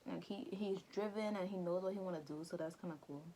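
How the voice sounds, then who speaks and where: A woman vlogger casually retelling an anime film, chatty and slangy with quick asides to her viewers. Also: fairly low pitch, dark tone, slight background noise. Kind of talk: casual movie recap commentary.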